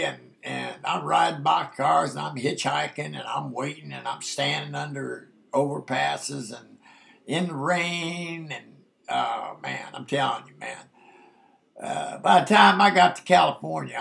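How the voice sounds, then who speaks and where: A man's voice: a little high, a bit bright. An older man telling a rambling, folksy story from his past, dropping "man" into nearly every sentence. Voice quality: gravelly. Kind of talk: casual spoken memoir.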